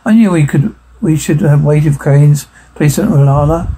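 A man's voice: a little high, moderate pace, dark tone, a little hiss or hum, close to an everyday voice, low-quality recording. A man voicing an anxious, grim male ship officer in an audiobook reading.

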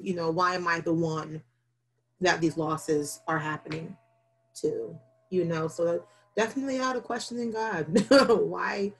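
A woman's voice: on the low side, husky. A woman talking candidly as an interview guest, telling her story with animation and acting out her own past words.

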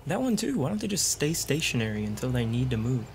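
A man's voice: mid-range voice, big pitch swings, fast, vocal fry. A man talks his way through a video game in a loose, sarcastic ramble, tossing off jokes. His mouth clicks are audible throughout, and a faint background hum sits under his voice. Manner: joking, sarcastic running remarks. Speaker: gaming video creator. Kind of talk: casual game commentary.

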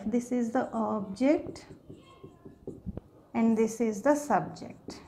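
A woman teaches a grammar lesson at an unhurried, deliberate pace. Her voice sits a little high, and she checks often that her listeners are following. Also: warm tone, slight background noise. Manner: patient, slow explaining with frequent "okay?" checks. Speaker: English teacher. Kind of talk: explaining grammar to viewers.

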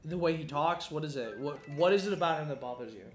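A man with a fairly high voice talks quickly as he chats casually during a game livestream. He tells animated stories full of swearing and laughter, and the room gives off a noticeable echo.

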